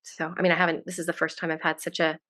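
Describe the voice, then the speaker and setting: A woman's voice: deep voice, little pitch movement, racing, sharp tone. A woman guest on a podcast, talking in a casual, effusive way with many restarts. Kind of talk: casual interview chat.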